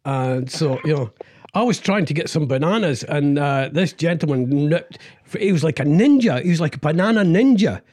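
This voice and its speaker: Rambling deadpan man, lively pitch. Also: moderate pace. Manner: rambling, deadpan comic storytelling with restarts. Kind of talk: casual comedic chat.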